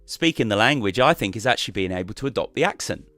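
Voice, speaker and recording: A low-voiced man talks casually on a live stream, rambling with plenty of restarts. His voice sounds dry, with faint music playing underneath. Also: animated, fast talker, a bit bright, no echo. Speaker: stream guest and teacher.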